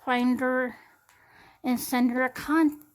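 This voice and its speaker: Young woman rambling into her phone, kinda high voice, lots of um and like. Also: fairly even intonation. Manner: rambling, halting, many fillers and restarts. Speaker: vlogger. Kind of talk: casual personal vlog. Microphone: smartphone.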